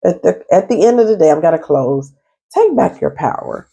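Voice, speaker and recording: A therapist speaks to her viewers from her apartment in a stern, emphatic way. Her voice is fairly low, dark and husky. Her pitch swings widely as she presses each point home. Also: lively intonation, moderate pace, dull audio. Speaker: therapist and life coach. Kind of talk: casual advice vlog.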